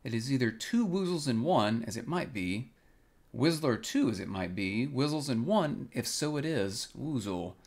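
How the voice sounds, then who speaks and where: A man's voice: medium pitch, lively intonation, moderate pace, darkish tone. Pooh: a man doing a ponderous teddy bear. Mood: puzzled. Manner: earnest, ponderous musing. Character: gentle, slow-witted male teddy bear.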